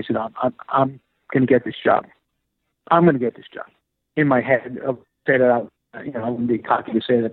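Husky-voiced man telling a story, tinny phone sound. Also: mid-range voice, dry recording. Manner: animated, acts out quoted voices, many fillers. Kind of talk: casual storytelling interview. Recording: dry, phone-like narrow sound.

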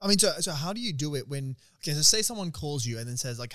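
A man co-hosting a casual podcast, excitable and swearing, throwing questions at the others. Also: fairly high pitch, fast talker. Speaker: podcast co-host. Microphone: studio podcast mic.

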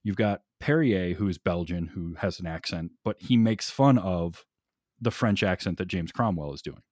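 A man's voice: low voice, moderate pace, darkish tone, dry recording, studio quality. A man co-hosting a casual movie discussion, enthusiastic and rambling, laughing often. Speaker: podcast co-host.

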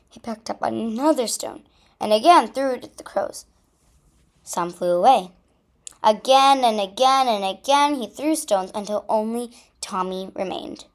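A woman reading a children's story aloud as storyteller, in a gentle read-aloud way. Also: a little high.

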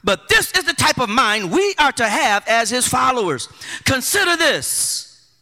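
A male pastor preaches in an animated way, piling up rhetorical questions and folksy asides. His voice sits high and swings widely, with a strikingly bright, ringing tone. A long reverb from a large sanctuary follows every phrase. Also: measured pace. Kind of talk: sermon.

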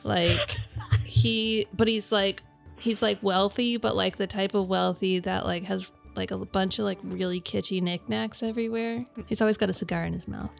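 A woman's voice: mid-range voice, steady tone, moderate pace, creaky, soft background music. A woman player in a tabletop game, rambling casually and saying "like" a lot. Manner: rambling, full of "like".

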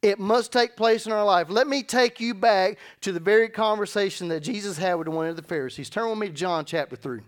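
A man's voice: sits high, a little fast, hardly any pauses, smooth. A man, a pastor, preaching a sermon and reading scripture in an emphatic, conversational way, often repeating words as he goes. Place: church service.

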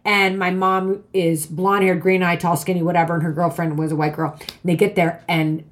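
Animated woman telling rambling stories. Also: fairly low pitch, a little fast. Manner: rambling, animated, acts out voices in anecdotes. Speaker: podcast guest. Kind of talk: casual storytelling.

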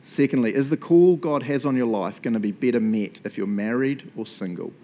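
A middle-aged man with a New Zealand accent, preaching a sermon in a chatty, animated way and laughing often between points. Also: mid-range voice, a little fast. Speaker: pastor.

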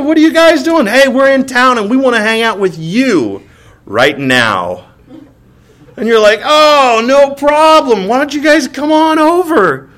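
High-voiced pastor telling funny stories. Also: male voice, a bit bright. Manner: humorous storytelling with acted-out dialogue; asks the crowd "right?" often. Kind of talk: sermon. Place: church.

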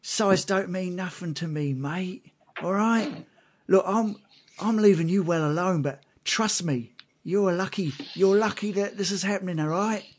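A man's voice: high voice, measured pace, pitched above the performer's own voice. A man voicing a cocky, swaggering male street thug who keeps calling people mate. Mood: threatening. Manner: mocking, calls everyone mate.

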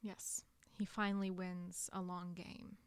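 A young woman co-hosting a podcast, calmly filling in plot details in casual chat about a book. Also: fairly low pitch, unhurried, clean tone, dry recording, clean studio sound. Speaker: podcast co-host.

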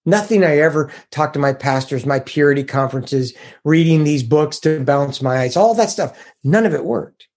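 A middle-aged man with a slightly high voice shares his recovery story at a moderate pace with few pauses. He speaks earnestly and confessionally as a recovery group member, bringing other people's words to life in lively voices.

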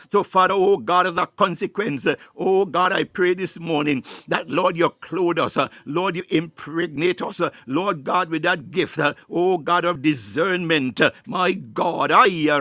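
A man's voice: on the high side, sharp tone, no echo. A man leading a spontaneous intercessory prayer, exhorting listeners and breaking into speaking in tongues, with "my God" and "uh" woven through his phrases. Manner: fervent, repetitive, chuckles between phrases. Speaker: prayer leader.

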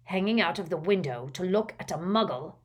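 A woman puts on a filthy old man full of contempt, snarling and sneering as he threatens his family. His voice sits low and heavy. It is an audiobook figure read with plain menace. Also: lively intonation, a little fast, slightly rough. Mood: deadly quiet.

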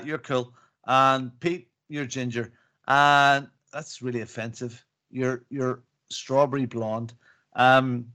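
A man's voice: medium pitch, bright, forceful tone. A man co-hosting a casual gaming podcast, joking and laughing a lot. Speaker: podcast co-host. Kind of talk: casual chat.

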